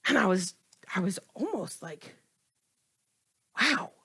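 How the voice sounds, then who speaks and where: A man preaching a sermon with passion, swinging between loud emphatic cries and hushed, close asides. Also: sits high, very animated, takes it slowly, creaky, slightly rough.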